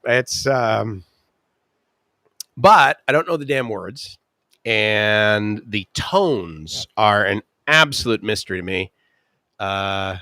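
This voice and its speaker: A middle-aged man hosting a casual live stream, rambling through stories with quick asides and acted-out voices. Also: medium pitch, sharp tone, dry recording, clean studio sound. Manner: chatty storyteller, quick asides and laughs, acts out voices. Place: ocean-view bungalow.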